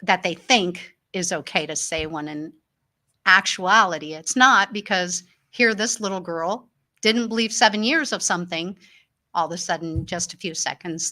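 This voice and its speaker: Here a middle-aged female host from Illinois shares personal family anecdotes with earnest sincerity. Her mid-range voice sounds pushed and bright, growing livelier whenever she imitates someone she's quoting.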